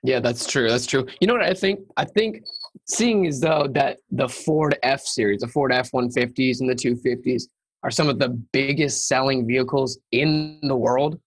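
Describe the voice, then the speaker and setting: A man's voice: mid-range voice, moderate pace, no echo. A man speaking as a guest on a casual car podcast, blunt and opinionated.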